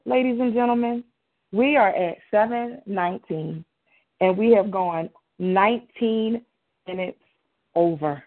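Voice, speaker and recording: A woman hosts a live call-in radio program and speaks in a formal, measured way as she tries to keep order. Her voice comes through narrow and phone-like. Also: medium pitch. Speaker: radio call-in show host. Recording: narrow phone-line sound.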